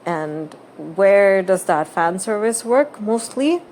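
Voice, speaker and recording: A woman's voice: mid-range voice, lively intonation, slow, darkish tone, a little hiss or hum. A woman who makes gaming videos, talking through her opinions in casual, earnest and emphatic commentary.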